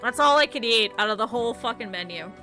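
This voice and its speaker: Bright-voiced woman streamer telling stories. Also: on the high side, quick pace, soft background music. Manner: animated, profane, laughing often. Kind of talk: casual livestream storytelling.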